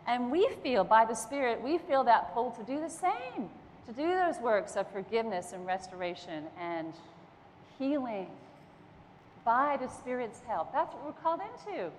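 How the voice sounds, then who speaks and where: A woman's voice: on the high side, sing-song, a little hiss or hum. Woman preaching in a reverberant church. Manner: earnest, slow and emphatic, pausing between phrases. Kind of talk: sermon. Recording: long hall reverb.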